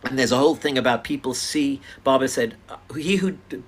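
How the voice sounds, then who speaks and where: An older man earnestly retelling his own encounters in a casual, animated storytelling style. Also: medium pitch, a little fast. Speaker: speaker sharing personal stories.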